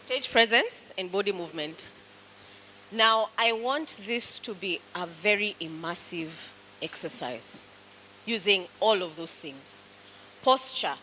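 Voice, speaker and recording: A woman's voice: mid-range voice, lively intonation, bright, forceful tone, a little hiss or hum, low-quality recording. A woman with a Kenyan accent, teaching a public speaking class and coaching students through exercises in an encouraging way. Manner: slow, coaching, encouraging commands. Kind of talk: classroom instruction.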